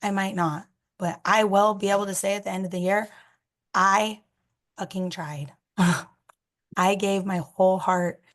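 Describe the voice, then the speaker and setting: A woman in her thirties with a hoarse voice that is giving out, speaking on a video call. She talks in a blunt, encouraging way, at a middling pitch. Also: level tone, normal speed. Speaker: real estate agent.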